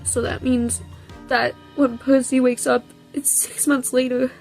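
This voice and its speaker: A woman's voice: sits high, level tone, a little slow, creaky, darkish tone, faint music behind. A young woman vlogger reading a novel aloud, then reacting tearfully and emotionally.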